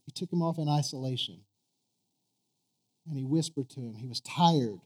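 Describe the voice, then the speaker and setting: A man's voice: mid-range voice, normal speed, a little mellow. A man preaching a sermon who asks his congregation questions. He stumbles, restarts and repeats words, then rises to emphatic peaks.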